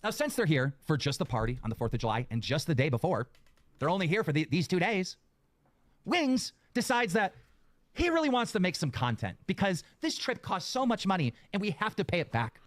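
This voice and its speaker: A man's voice: high-pitched, very animated, brisk, no echo. A man in a clip, ranting angrily at his audience and swearing constantly. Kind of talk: angry profane rant.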